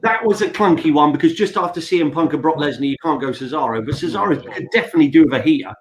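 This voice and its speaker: A man, jokey and lively in a casual wrestling podcast. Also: on the high side, very fast. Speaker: podcast co-host.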